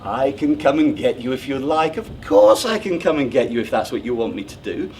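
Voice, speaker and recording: A self-satisfied, controlling suitor, played by a man on stage, laying out his plans in a stage monologue. His voice swings up and down with lively emphasis and sits at an ordinary middle pitch. He talks in a smug, over-precise way that turns condescending. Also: a little fast, slight background noise, natural voice. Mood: patronizing. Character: pompous, controlling, self-assured man proposing. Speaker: stage actor. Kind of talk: theatrical monologue. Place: theatre stage.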